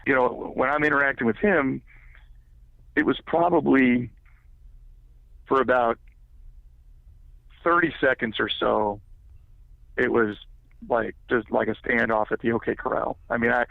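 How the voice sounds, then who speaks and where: A man's voice: medium pitch, steady tone, a little slow, gravelly, long pauses, no room sound. A man telling a personal story as a podcast guest, rambling and leaning heavily on filler words, heard over a tinny phone-like line.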